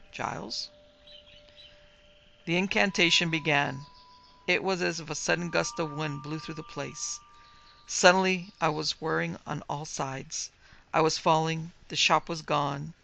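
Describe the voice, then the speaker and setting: Female horror narrator, vivid first-person reading, gravelly bright tone. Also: low-pitched. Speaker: narrator and producer. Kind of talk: dramatic horror story narration.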